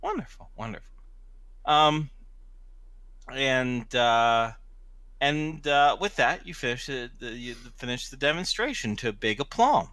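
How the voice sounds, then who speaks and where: A man's voice: mid-range voice, animated, slow pace, pushed and bright, clear, resonant tone, no echo. A man narrating as game master of a tabletop game, rambling with many restarts.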